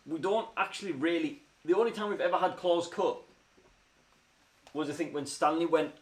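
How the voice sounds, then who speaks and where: A man's voice: a little high, moderate pace. Chatty young man, roomy room sound. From northern England. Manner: rambling, chatty, lots of fillers. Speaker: podcast co-host. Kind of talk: casual live-stream chat.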